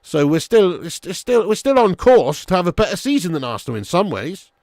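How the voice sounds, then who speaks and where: A man's voice: high-pitched, big pitch swings, fairly quick, darkish tone, no room sound, studio quality. A young man hosting a live football watch-along stream, chatting casually with viewers and swearing now and then. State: a little sleepy.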